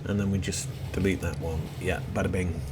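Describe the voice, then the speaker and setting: Middle aged guy chatting over a game, lowish voice, lots of ups and downs, mutters to himself, seagulls and noise in the back. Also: little pitch movement, a little fast. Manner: chatty, self-deprecating, mutters to himself while playing. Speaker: let's play host. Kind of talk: rambling gameplay commentary. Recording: noisy background with seagulls.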